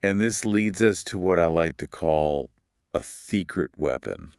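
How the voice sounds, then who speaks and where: A man hosting a podcast, explaining English pronunciation in a calm, measured scripted teaching dialogue. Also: low voice, smooth, no echo, studio quality.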